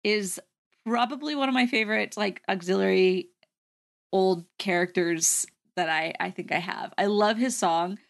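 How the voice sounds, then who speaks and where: With vocal fry in a medium-pitched voice at normal speed, a young podcast co-host talks casually about a film. She's giggly, laughs frequently, and fills her speech with "like."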